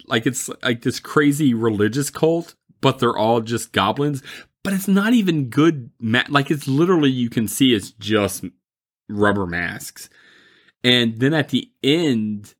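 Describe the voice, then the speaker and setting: A man chatting casually about movies, rambling and mocking, laughing often. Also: medium pitch.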